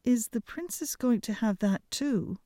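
A woman's voice: on the high side, expressive, unhurried, dark tone, dry recording, studio quality, pitched above the performer's own voice. A woman voicing two smug, learned young brothers who mock their sibling in a storybook reading. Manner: mocking, self-satisfied.

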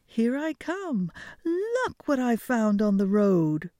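A woman voicing a simple, cheerful peasant youth who shouts out merrily in a storybook reading. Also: a little high, very animated, takes it slowly, no echo, clean studio sound, pitched above the performer's own voice. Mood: boisterous.

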